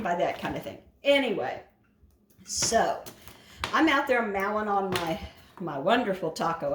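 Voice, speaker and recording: A woman's voice: mid-range voice, roomy sound. A woman vlogger chatting casually while cooking at home, wandering through a story and circling back with "anyway". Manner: rambling storyteller, keeps saying "anyway". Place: home kitchen.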